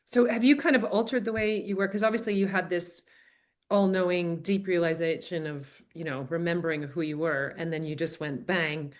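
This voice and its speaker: An interview host from Australia, a woman with a low-set voice. She listens closely and asks long, loose questions that start over several times. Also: steady tone, moderate pace. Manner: attentive, with rambling questions full of restarts. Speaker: interview host, medical intuitive. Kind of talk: casual interview.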